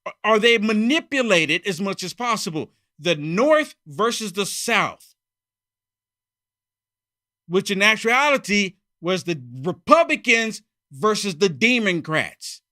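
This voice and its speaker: A man delivers a political commentary monologue in a high-pitched, sharp, forceful voice. He hammers his points by repeating phrases, jumping between loud outbursts and low, muttered asides. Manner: emphatic, repeats phrases for effect. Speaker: channel host.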